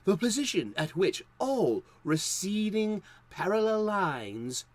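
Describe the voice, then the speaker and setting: British announcer, formal measured read, a man putting on the accent, fairly high voice. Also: very animated, full character voice. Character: adult male British announcer reading a glossary.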